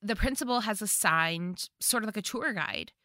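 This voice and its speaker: Bright-voiced woman, giggly and gushing. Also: medium pitch, lively intonation, normal speed, no room sound, clean studio sound. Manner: giggly, gushing, uses frequent profanity. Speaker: podcast co-host. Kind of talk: casual movie recap chat.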